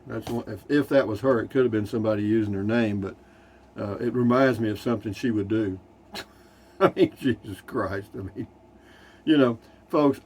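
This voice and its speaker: A man's voice: on the low side, darkish tone, a little hiss or hum. Folksy older Texan man. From Texas. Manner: folksy, rambling, dry humor. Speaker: RV vlogger. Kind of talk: casual chat reading viewer comments. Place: inside a Class C motorhome.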